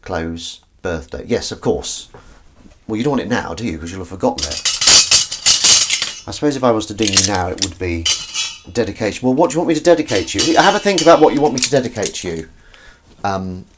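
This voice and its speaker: A man with a fairly low voice chats to his viewers as he washes up, drifting between asides and poking fun at himself. His talk is loose and full of restarts. Plates, pans and cutlery clatter clearly behind him in a home kitchen. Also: very animated, brisk, heavy background noise. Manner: chatty and rambling, self-deprecating, frequent restarts and asides to viewers. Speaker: livestream host. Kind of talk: casual chat while washing up, reading viewer comments.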